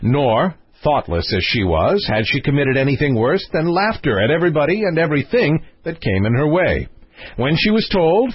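Husky, expressive male storyteller. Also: a little high, dry recording. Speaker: audiobook narrator. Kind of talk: storybook narration. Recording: dry, slightly dull recording.

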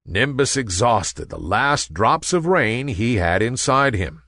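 A man reading a children's bedtime story aloud in an expressive, sing-song way. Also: mid-range voice, slow pace, few pauses, dry recording, clean studio sound.

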